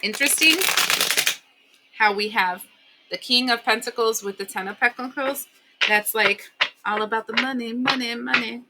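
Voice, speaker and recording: A woman giving a casual tarot reading, blunt and animated, swearing and acting out the listener's complaints. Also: fairly high pitch, normal speed, long pauses, very noisy. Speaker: tarot reader.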